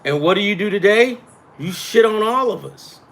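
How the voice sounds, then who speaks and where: Man, betting picks host, casual chat, swearing, rambling, swooping pitch. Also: expressive, normal speed, a bit bright. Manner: rambling and profane; self-deprecating.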